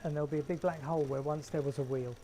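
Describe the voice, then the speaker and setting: A man's voice: on the high side, steady tone, very fast, mellow, slight background noise, rough recording. A man with a London accent hosting a casual live stream from his garden shed, chatting with viewers in a wry, joking way. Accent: London English. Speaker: livestream host.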